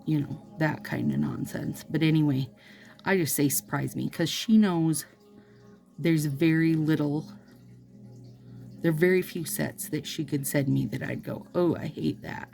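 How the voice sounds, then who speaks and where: A woman with a low, mellow voice chats unhurriedly with her viewers as she works on her nails. Her talk is rambling and playful, full of little asides, with a gravelly texture. Soft music plays faintly behind her. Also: lively intonation, measured pace, long pauses. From Minnesota. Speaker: nail vlogger. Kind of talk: casual chat to camera while applying nail strips.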